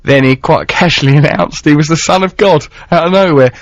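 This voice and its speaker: A man's voice: a little high, fairly quick, no echo. A man hosting a radio show, rambling playfully in casual chat and reading out listener texts. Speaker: radio host. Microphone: studio microphone. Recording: dull lo-fi radio broadcast.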